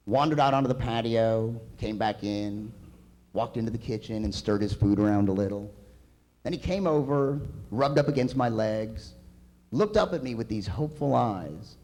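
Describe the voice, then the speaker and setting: A man's voice: medium pitch, expressive, moderate pace, a little mellow. A male comedian performing a stand-up set live on a community center stage, with a dry, wry delivery.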